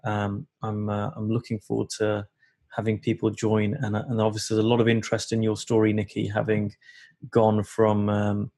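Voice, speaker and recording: A man's voice: fairly low pitch, completely flat delivery, moderate pace, dark tone. A man hosting a live coaching webinar over a video call, talking casually with many fillers and restarts.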